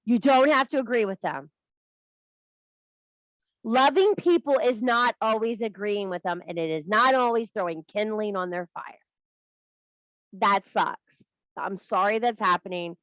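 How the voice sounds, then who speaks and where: A middle-aged woman gives a blunt tough-love talk to her group, swearing freely. Her voice sits at an ordinary pitch, and the room sounds dry and close. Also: moderate pace, pauses often, a bit bright, dry recording, rough recording. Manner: profane, blunt, tough-love, laughs at herself. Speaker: spiritual course teacher.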